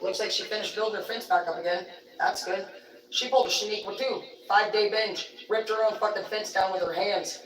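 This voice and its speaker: A woman's voice: mid-range voice, fairly quick, a little hiss or hum. Cursing woman telling stories on a stream. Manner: profane, rambling, blunt. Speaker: livestream host. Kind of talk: casual storytelling on a livestream. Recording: roomy sound, distant from the mic.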